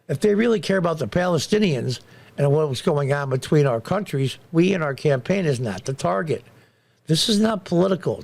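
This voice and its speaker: A man's voice: on the high side, gravelly, a little mellow. A middle-aged man hosting a commentary show, delivering a blunt, indignant political monologue and repeating phrases for emphasis.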